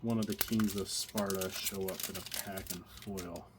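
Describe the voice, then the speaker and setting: A man narrates his card pack opening in casual unboxing commentary, his low voice fairly even in intonation at a normal speed. He thinks aloud with many fillers and restarts, with background noise and crinkling cards audible.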